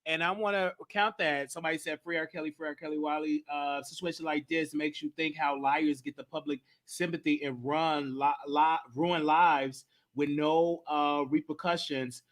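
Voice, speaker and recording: A man's voice: on the high side, steady tone, moderate pace, hardly any pauses, a bit bright. A male show host reflecting casually and rambling a little, often restarting his sentences. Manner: rambling, self-correcting, reads viewer comments aloud. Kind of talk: casual commentary on an old broadcast.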